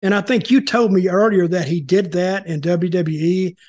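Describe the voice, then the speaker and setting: A man's voice: high-pitched, normal speed, darkish tone. An older man hosting a casual chat, telling rambling stories with restarts and quoting people as he goes. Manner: rambling, repeats words and restarts, quotes people in dialogue. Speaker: host, wrestling storyteller.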